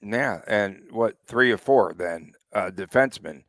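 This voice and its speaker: A man's voice: fairly low pitch, expressive, a little slow, a bit bright, dry recording. A man hosting a sports podcast in casual chat, conversational and asking his co-host questions.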